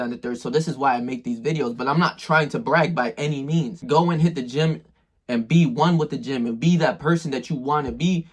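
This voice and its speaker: A man's voice: mid-range voice, husky. A man talking straight to the viewer in a casual motivational monologue, full of slang and swearing. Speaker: self-improvement video maker.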